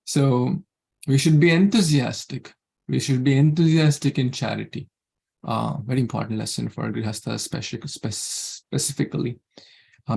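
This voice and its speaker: A man's voice: medium pitch, gravelly, a little mellow, husky. A man leading an online scripture class. He speaks earnestly, keeps repeating his key words and chuckles now and then. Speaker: class leader.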